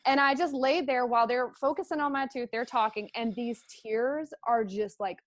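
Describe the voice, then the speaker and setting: A woman's voice: on the high side, moderate pace, dry recording. A middle-aged woman hosting a conversational interview, telling a personal story in an open, emotional way. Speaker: host.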